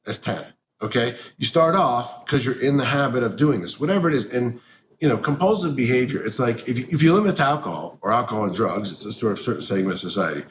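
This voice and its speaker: A man's voice: medium pitch, expressive, quick pace, slight background noise. A man speaking bluntly and profanely in a candid conversation, getting heated as he talks. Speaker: interview guest.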